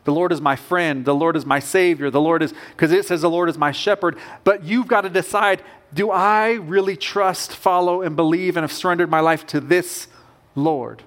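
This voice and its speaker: A man's voice: fairly high pitch, moderate pace, a bit bright. A man preaching a sermon as pastor, earnest and emphatic, with rising bursts of conviction.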